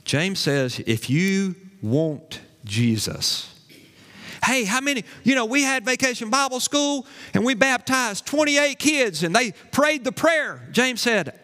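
A man's voice: extremely high pitch, big pitch swings, slow pace, sharp tone. A male pastor preaching a sermon, emphatic, repeating key phrases and asking his congregation questions. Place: church sanctuary. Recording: long hall reverb.

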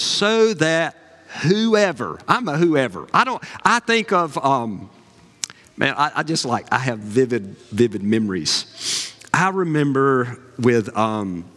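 A man, a pastor preaching a sermon with folksy stories and animated asides. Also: mid-range voice, slow. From Southern US. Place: church sanctuary. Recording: long reverb of a large hall.

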